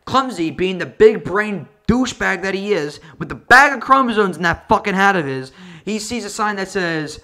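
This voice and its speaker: A man with a high, bright voice riffs through a comedic movie review rant. He talks in a sarcastic, profane, tangent-heavy way. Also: animated, normal speed. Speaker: online video reviewer.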